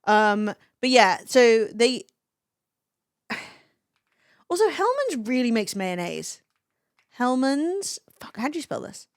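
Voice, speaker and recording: Brief: young woman streamer, foul-mouthed, chatty, quick laughter, dry close sound. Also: on the high side, big pitch swings, smooth, dry recording. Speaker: livestreamer. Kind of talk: casual stream chat, reading chat aloud.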